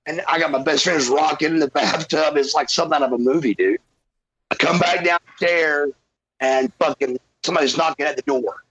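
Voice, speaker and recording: A man spins a long, cursing story as a podcast guest, throwing himself into the voices of everyone in it. His voice is husky and a little breathy, and it sounds dry and close to the mic. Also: on the high side, dry recording, rough recording. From Georgia, USA. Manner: animated, swearing, acts out quotes. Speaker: podcast guest, former pro wrestler. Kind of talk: profane storytelling.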